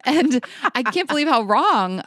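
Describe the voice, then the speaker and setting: A woman co-hosting a podcast, chatting candidly and telling a dating story with lively acted-out thoughts. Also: sits high, unhurried, no echo, clean studio sound. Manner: animated storytelling, acts out her own past thoughts. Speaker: podcast co-host. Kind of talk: candid casual chat.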